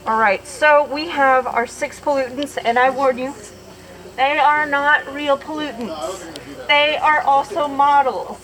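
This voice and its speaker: A woman's voice: sits high, a little slow, a bit bright, poor audio. A woman educator leading students around a model, asking questions and laughing easily. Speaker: station educator. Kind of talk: hands-on classroom lesson.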